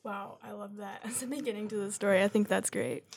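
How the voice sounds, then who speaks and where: Gravelly woman reading her poems. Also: mid-range voice, steady tone, fairly quick, a little mellow. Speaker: poet, co-host. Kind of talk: reading her own poetry and casual chat.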